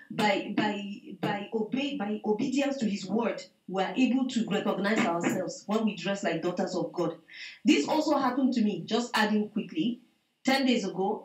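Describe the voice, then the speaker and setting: A woman giving a spoken testimony to a prayer meeting over a video call, telling her story with lively acted-out dialogue. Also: mid-range voice, reverberant, rough recording. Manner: animated storytelling, acts out dialogue, repeats "I said". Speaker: church member giving testimony.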